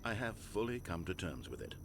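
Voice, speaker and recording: A man's voice: deep voice, big pitch swings, a little fast, heavy background noise. A man voicing the sardonic male narrator of a game, speaking scripted lines with dry, mock-awed sarcasm.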